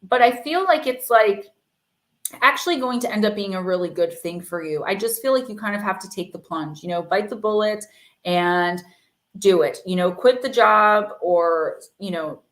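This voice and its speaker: A woman's voice: medium pitch, expressive, moderate pace, a bit bright, roomy sound. A woman hosting a live stream, chatting casually and reading oracle cards with lots of fillers. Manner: chatty, filler-heavy, reassuring. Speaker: oracle card reader and live-stream host.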